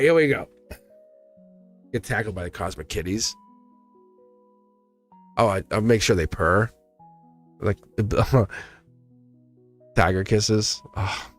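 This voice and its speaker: A man's voice: fairly low pitch, very animated, unhurried, long pauses, faint music behind. A man giving a casual live-stream tarot reading. He rambles, laughs often, and chats directly with his viewers. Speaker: tarot reader.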